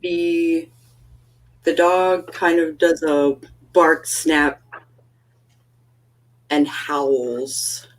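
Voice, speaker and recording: A woman narrating as storyteller for a tabletop role-playing game, in a relaxed, chatty way. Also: low-pitched, drawn-out words, long pauses, low-quality recording.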